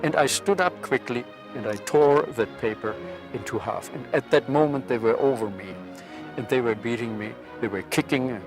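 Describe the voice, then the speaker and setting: Czech guy in his 70s, english w/ accent, earnest testimony, middling pitch. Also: moderate pace, music in the background. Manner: earnest, retells with quoted dialogue. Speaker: interviewee. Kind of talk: personal testimony.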